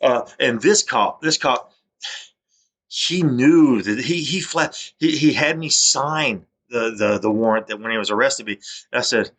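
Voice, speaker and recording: A man's voice: medium pitch, measured pace, fairly bright tone. A man, delivering an aggrieved, rambling monologue that repeats itself and keeps breaking off to restart. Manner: agitated, repetitive, restarts often. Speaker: vlogger. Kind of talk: aggrieved rambling monologue over screen recording.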